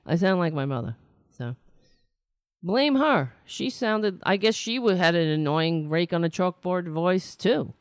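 A middle-aged woman hosting a political talk stream, rambling candidly with restarts and wry asides, her voice slightly raspy. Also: on the low side, lively intonation, a little slow, no echo, studio quality. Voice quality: raspy, nasal-edged voice she calls a rake on a chalkboard. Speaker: political talk show host. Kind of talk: casual live-stream monologue.

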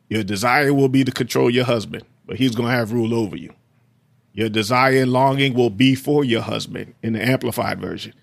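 A man's voice: mid-range voice, gravelly, dry recording. A man co-hosting a faith podcast, talking earnestly and quoting scripture like a preacher. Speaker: podcast co-host. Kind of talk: faith-based podcast talk.

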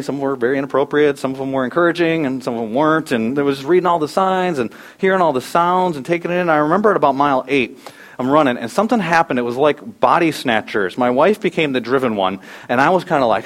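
A middle-aged male pastor preaching a sermon, telling a personal story with animated shifts and acted-out quotes. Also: mid-range voice.

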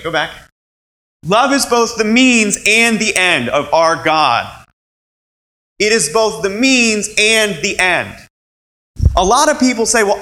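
Lively, animated male preacher. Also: high-pitched, rough recording. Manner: animated, acts out quoted voices. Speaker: pastor. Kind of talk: sermon.

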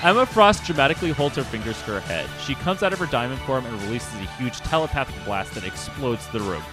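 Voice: mid-range voice, lively intonation, fast, over music. A game master narrating a comedic tabletop game, laughing often between lines.

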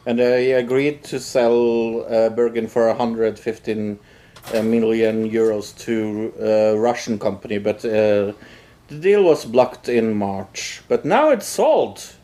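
A man co-hosting a podcast, bringing up topic updates in a casual, halting way with many fillers. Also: lowish voice, warm tone. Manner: introduces topics with many uhs and short backchannels. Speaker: podcast co-host. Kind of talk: casual news discussion.

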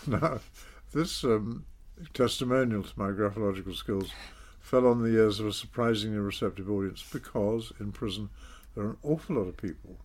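Older Englishman, low measured voice. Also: darkish tone. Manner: measured, self-deprecating, with frequent fillers. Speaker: interview guest, former politician. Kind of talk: reflective storytelling.

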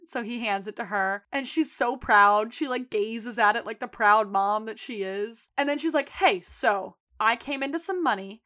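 A woman's voice: on the high side, normal speed, few pauses. A woman co-hosting a podcast, casually and animatedly retelling scenes and acting out the characters' lines. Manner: animated retelling, acts out quotes. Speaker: podcast co-host. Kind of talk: casual recap chat.

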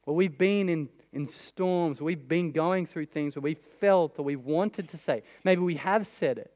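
A man's voice: on the high side, measured pace, darkish tone, in a large hall. A man preaching a sermon in a conversational way, with many rhetorical questions. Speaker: pastor.

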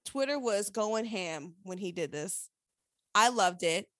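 A woman recapping a TV episode in casual chat, animated, opinionated and profane. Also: mid-range voice, slow pace, no echo.

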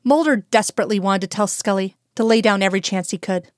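A woman narrating a fan-fiction audiobook in a steady, even storytelling manner. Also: mid-range voice, quick pace, dry recording, clean studio sound.

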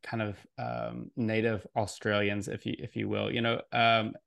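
A man hosting a podcast interview and reading sponsor messages, with an upbeat announcer delivery in the intro and a relaxed, halting manner in conversation. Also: on the low side, creaky, no echo. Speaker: podcast host. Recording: music playing under the voice. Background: music.

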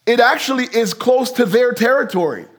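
Male pastor, high-pitched, conversational sermon delivery that slips into the voices of the people he quotes. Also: expressive, moderate pace. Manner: conversational preaching that acts out the voices in the text.

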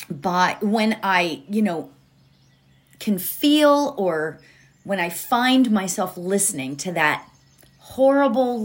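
A woman hosts a motivational podcast, speaking slowly and chatting straight to her listeners. Her pitch swings widely. There is faint environmental noise behind her. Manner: chatty, laughs often, addresses listeners directly. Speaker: podcast host. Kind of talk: casual motivational podcast talk.

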